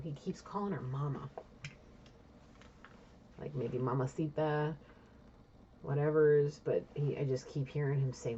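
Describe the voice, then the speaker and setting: A woman with a low voice talks through a psychic reading on her own, questioning spirit out loud and answering herself. She is blunt and swears casually. The recording is dull and lo-fi with faint noise behind. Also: measured pace, pauses often. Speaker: intuitive reader.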